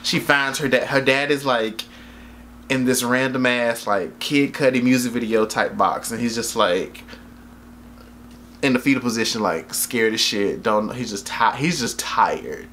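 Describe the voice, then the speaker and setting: A man's voice: medium pitch, unhurried, a bit bright, a little hiss or hum. A young man recaps a movie in a loose, rambling way. His talk is slangy and profane, packed with fillers. He often breaks into laughter at his own jokes. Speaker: vlogger reviewing a movie. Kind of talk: casual spoken movie recap.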